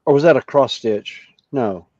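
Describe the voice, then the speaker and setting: A man's voice: medium pitch, unhurried, a little mellow. A man chatting casually in a hobby group, rambling and chuckling often. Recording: dull, dry lo-fi sound.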